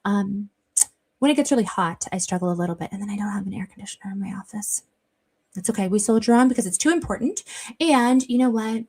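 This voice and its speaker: A woman's voice: mid-range voice, fast, darkish tone, husky. A woman hosting a casual livestream from her office. She talks in a rambling, chatty way, full of "like" and "blah, blah". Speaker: livestream host. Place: her office without air conditioning.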